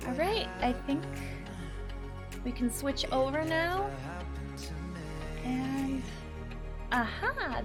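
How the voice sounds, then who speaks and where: A woman streaming live, chatting casually and nervously with her viewers, giggling and greeting people by name. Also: high-pitched. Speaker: VTuber streamer. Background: faint background music.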